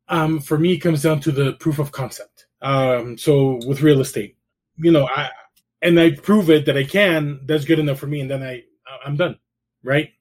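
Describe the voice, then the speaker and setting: A man's voice: on the high side, darkish tone, slightly rough. A middle-aged man from El Salvador, a guest telling his life story in a candid, rambling way with many restarts. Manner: candid, storytelling, frequent "you know" and restarts. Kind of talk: casual conversation.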